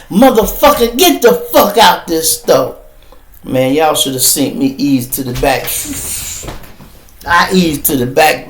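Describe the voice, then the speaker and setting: Man, podcast host, casual storytelling, profane, gravelly voice, echoey room. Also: a little high. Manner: profane, animated street storytelling. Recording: roomy echo.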